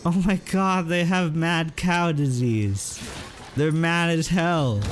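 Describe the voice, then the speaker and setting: A man streaming a horror game, chatting casually and hesitantly with many fillers, now and then yelling at the game. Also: animated, slow pace, slight background noise. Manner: rambling, hesitant, lots of fillers; yelps at the game in a higher voice. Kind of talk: casual gameplay commentary.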